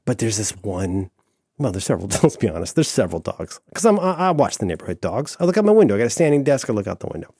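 Animated, stammering man on a dry mic. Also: on the low side, quick pace, slightly rough, no echo. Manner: animated, gushing, mock-wistful, stammering restarts. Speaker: podcast co-host. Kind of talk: casual comedic chat.

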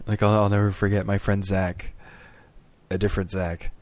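A man with a low, deep voice co-hosts a casual podcast chat and tells wry stories he laughs along with. The sound is dry and close, with no room around him. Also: little pitch movement, moderate pace, a little mellow, no room sound. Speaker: podcast co-host.

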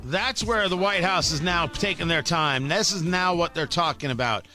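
A man's voice: on the high side, moderate pace, pushed and bright, faint music behind. A middle-aged man hosting a talk radio show, riffing in a monologue, often restarting his sentences and acting out quotes.

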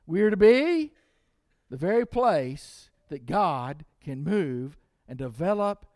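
A man's voice: a little high, sing-song, takes it slowly, darkish tone, no room sound, clean studio sound. A man preaching a sermon as pastor, emphatic and repeating key lines for the congregation to say with him.

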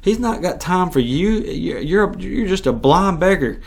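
A man voicing a scornful crowd of bystanders who hush a beggar with harsh, dismissive scolding. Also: high voice, sing-song, measured pace, vocal fry, slightly rough, voice pushed up, heavily acted.

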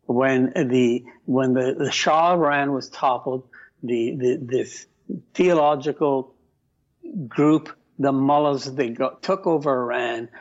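An older Canadian man talking as a guest commentator, impassioned and halting, often repeating words. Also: medium pitch. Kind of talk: phone-in interview. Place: remote from Ottawa. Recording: muffled lo-fi line.

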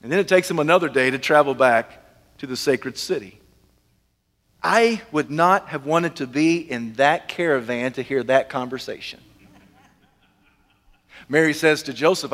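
Pastor giving a sermon, a man with a high voice, animated and funny storyteller, echo of a hall. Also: moderate pace, long pauses. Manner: animated storyteller, humorous, dramatic. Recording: echoey hall.

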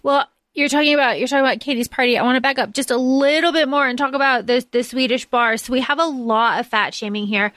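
A woman's voice: high voice, steady tone, quick pace, hardly any pauses, a bit bright, dry recording. A woman co-hosting a podcast, casually recapping movie scenes and quoting lines in a chatty way. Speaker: podcast co-host. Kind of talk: casual chat about a movie.

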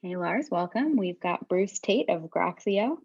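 An enthusiastic woman hosts a podcast, introducing her panel and guest with easy cheer. Her voice sits a little low for a woman. The audio is dull and lo-fi. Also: lively intonation, a little slow, darkish tone, slightly rough. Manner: upbeat, enthusiastic. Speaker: podcast host. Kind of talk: casual podcast chat.

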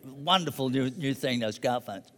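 A man's voice: medium pitch, normal speed, in a large hall. A middle-aged man preaching a sermon, telling a personal story conversationally and building to emphatic declarations.

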